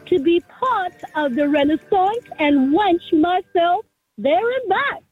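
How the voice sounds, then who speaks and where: A woman's voice: extremely high pitch, lively intonation, slow pace, narrow, tinny audio, full character voice. A female caller voicing a flirty Renaissance tavern maid in mock-archaic speech. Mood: playful.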